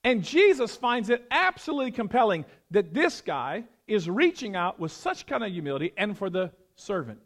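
A male pastor preaching a sermon, animated, swinging between loud emphasis and hushed, prayerful tones. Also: high-pitched, moderate pace, hardly any pauses.

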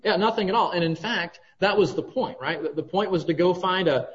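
A man's voice: high voice, fairly quick, dull audio. A man preaching a sermon, teaching through a scripture passage verse by verse and checking in with listeners with frequent "right?" asides. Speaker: pastor.

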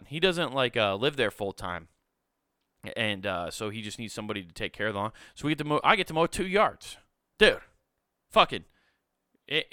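A man's voice: mid-range voice, bright, forceful tone, clear, resonant tone, dry recording, clean studio sound. A man hosting a podcast, rambling enthusiastically in casual chat with lots of swearing. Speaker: podcast host.

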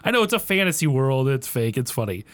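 A man co-hosting a casual podcast, his voice at an ordinary middle pitch. He talks in halting stops and starts and laughs through his words. The mic sounds close and dry, with no room around it. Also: sing-song, no echo. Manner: halting, laughs while talking. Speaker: podcast co-host. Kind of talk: casual chat.

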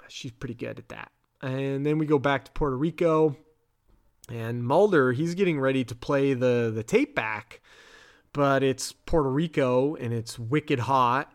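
A man, a podcast host casually retelling a TV episode, chatty with quick acted-out quotes. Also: medium pitch.

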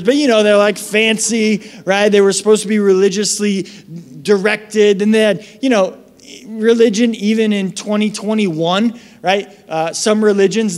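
Young male preacher, casual and animated, high voice, long hall reverb. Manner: animated, conversational, acts out quotes in raised voices. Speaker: pastor. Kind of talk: casual sermon.

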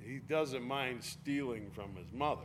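A man's voice: mid-range voice, measured pace. Guy giving a laid-back bible lesson, just talking it through, faint hum behind. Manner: casual explaining, reading scripture aloud with force. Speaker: Bible teacher.

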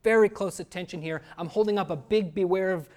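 A man's voice: high-pitched, quick pace, darkish tone. A male pastor preaching a sermon with earnest emphasis, putting rhetorical questions to the congregation.

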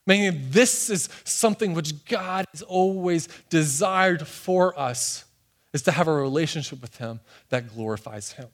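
A man preaching a sermon, swinging between excited, loud stretches and hushed, soft ones. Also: a little high, a little slow. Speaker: pastor.

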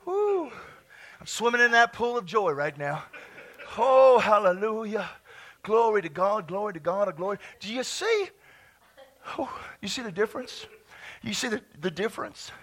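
A man preaching a charismatic sermon in a church, exuberant, bursting into shouts and laughter between calmer teaching. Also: high voice, moderate pace. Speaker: pastor.

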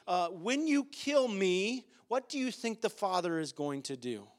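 A male pastor with a high-pitched voice delivering a sermon. He preaches with passion, climbing to emphatic peaks, and pauses on filler sounds between points. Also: big pitch swings. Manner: impassioned, rising to emphatic peaks, with frequent "uh" fillers.

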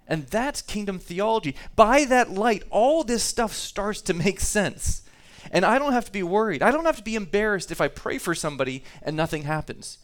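A man's voice: high-pitched, animated, moderate pace. A man preaching a sermon to his congregation, talking easily, reading scripture aloud and repeating himself now and then. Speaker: pastor.

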